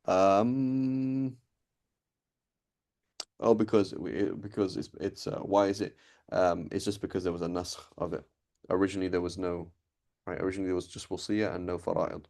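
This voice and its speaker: Deep, gravelly male religion teacher. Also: fairly even intonation, moderate pace, pauses often, darkish tone. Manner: explains conversationally with frequent "right?" checks. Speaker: teacher of Islamic law. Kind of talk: informal classroom lecture.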